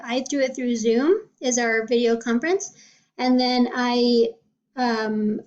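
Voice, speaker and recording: A woman cosmetology teacher casually walking through her weekly lesson planning, often checking in with "okay?". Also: high-pitched. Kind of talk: casual screen walkthrough. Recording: dull lo-fi sound.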